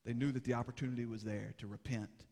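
A man's voice: medium pitch, fairly even intonation, quick pace, creaky. Impassioned male preacher in a reverberant hall. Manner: impassioned, rising to urgent exhortation, then hushed and grave. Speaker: pastor. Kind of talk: sermon. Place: church sanctuary.

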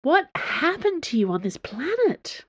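A woman's voice: high voice, big pitch swings, unhurried, no room sound, pitched above the performer's own voice. A woman voicing a stubborn, prying young woman adventurer who asks pointed, challenging questions.

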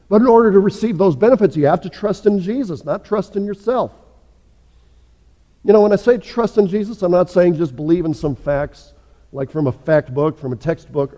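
A man delivers a sermon in a church sanctuary, his voice high yet mellow. He preaches earnestly, pressing hard on some points and sinking low and quiet on others. A long reverb trails behind every phrase. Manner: earnest preaching, builds up then drops low and soft. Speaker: pastor.

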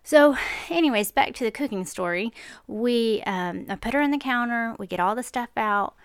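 A woman talks through a story on her podcast, casual and self-deprecating. Her voice is smooth and clear but carries some vocal fry. The sound is dry and close. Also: on the high side, expressive, moderate pace, dry recording. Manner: chatty, self-deprecating, lots of fillers and laughs. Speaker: podcast host.

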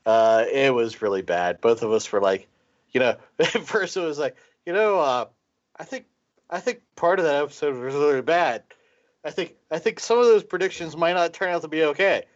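A man's voice: fairly high pitch, expressive, normal speed, muffled recording. A man co-hosting a podcast, rambling and tipsy, stumbling over repeated words in casual chat. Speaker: podcast co-host, guest.

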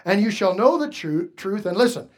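Man, high voice, pastor, sermon, emphatic, questions the congregation. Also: expressive, normal speed. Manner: emphatic preaching, swinging between quiet asides and raised exclamations.

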